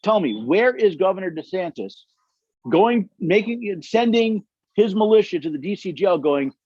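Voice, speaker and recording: A man's voice: high voice, very animated, normal speed, darkish tone, husky, dry recording, lo-fi sound. A man leading a constitution study session, telling stories emphatically and acting out the quotes, with audience questions. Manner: emphatic storytelling, acts out quotes.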